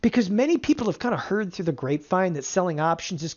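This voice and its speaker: A middle-aged options trading instructor teaching a live webinar, energetic and firing rhetorical questions at the audience. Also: mid-range voice, fast talker. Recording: dull lo-fi webinar audio.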